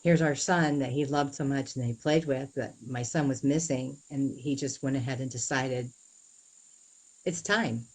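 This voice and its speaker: A young adult woman in an interview, telling her own story in an earnest, halting way with many pauses and restarts. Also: very deep voice, low-quality recording.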